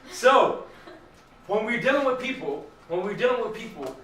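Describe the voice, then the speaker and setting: A man's voice: sits high, animated, unhurried, background noise. A young man giving a casual Bible study talk at church, chatty and asking the group questions. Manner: conversational, asks the room questions. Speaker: church teacher. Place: church hall. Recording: echoey room, mic far off.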